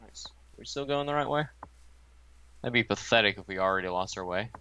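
A man's voice: lowish voice, brisk, bright, forceful tone, clean tone. A teenage boy chatting playfully while playing a game with a friend. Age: teens. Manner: playful, joking. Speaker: gamer. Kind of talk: casual gameplay chat.

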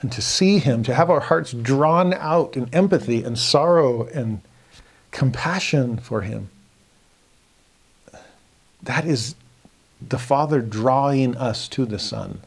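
A man teaching a verse-by-verse scripture study in a reflective, earnest way, dropping to soft emphasis on key points. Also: mid-range voice, slow pace, long pauses, slightly rough.

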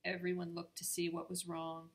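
A woman narrates a children's storybook in a calm, measured voice. Her tone sits a little low for a woman and stays unhurried. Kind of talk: reading a children's storybook aloud.

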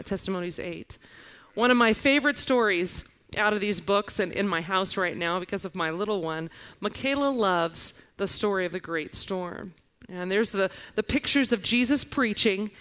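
A woman in her forties preaching a sermon, telling stories and reading scripture with lively expression. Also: medium pitch, clear, resonant tone. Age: 40s. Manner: animated storytelling, reading scripture aloud. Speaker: guest preacher.

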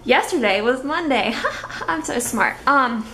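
A woman's voice: sits high, animated, measured pace, background noise. A young adult woman chatting casually to her camera, giggling as she talks. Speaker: vlogger. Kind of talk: casual vlog.

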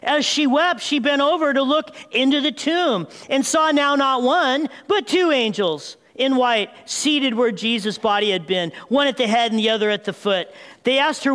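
A man preaching a sermon as pastor, retelling the story with lively asides and calling the congregation "people.". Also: very high voice, a little slow, big-room sound. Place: church sanctuary.

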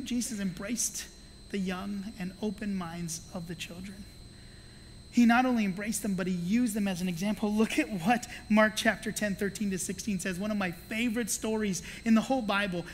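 In a church sanctuary with a long reverb tail, a pastor with a mid-range voice preaches a sermon. An adult with children, he tells stories energetically, acting out the voices of the people in them and adding playful asides.

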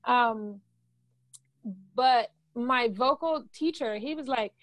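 Slowly and with frequent pauses, a Guyanese-accented songwriter reflects candidly on her experience as a podcast guest. Her voice is a little high and fairly bright, in a slightly raised register, recorded dry without any room sound.

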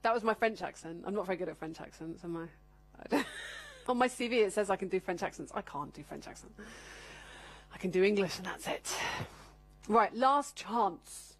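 A woman presenting a phone-in quiz show on TV, chatty, teasing and quick to giggle, talking straight to the viewers at home. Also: fairly low pitch. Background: background music.

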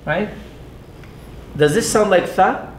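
Patient male classroom teacher, high voice, roomy mosque hall, faint rumble. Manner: patient, repeats sounds slowly, asks the class questions. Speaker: Arabic teacher. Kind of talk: classroom lesson. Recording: echoey room with faint rumble.

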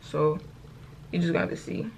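A teenage girl chatting in a get-ready-with-me vlog at home, rambling through a story in slangy talk, correcting herself and calling out to her viewers often. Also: measured pace. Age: late teens. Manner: chatty, rambling storytelling, keeps saying y'all. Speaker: vlogger.

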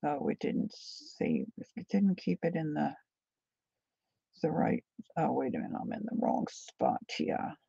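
Gravelly-voiced woman chatting through a painting lesson. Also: low voice, wildly swooping pitch, unhurried, mellow, no echo, dull audio. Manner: chatty, drifting into side stories while painting. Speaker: painting tutorial host. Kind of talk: casual painting demonstration.

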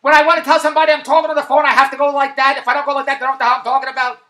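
A woman's voice: high voice, flat delivery, very fast, bright, forceful tone. A woman in an exasperated comedic rant, stammering restarts and asking the same questions over and over. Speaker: comedic monologuist. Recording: echoey room.

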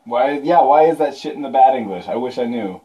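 A man's voice: mid-range voice, lively intonation, a little fast, muffled recording. A drunk man bantering with a friend over a game, joking and swearing casually. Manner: joking, mumbling, swearing, laughing along. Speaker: co-host watching the game.

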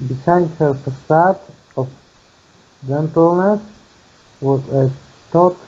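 A man with a Polish accent reads aloud slowly and haltingly, his voice dark and a bit husky. He comes through a dull, lo-fi video call line. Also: fairly high pitch. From Poland. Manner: slow, hesitant, halting. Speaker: English student. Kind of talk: reading aloud in a lesson.

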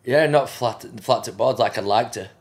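A man's voice: mid-range voice, normal speed. A man, a fighter guest on a podcast, speaking confidently in short plain answers. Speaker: bare-knuckle fighter guest. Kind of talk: casual interview chat.

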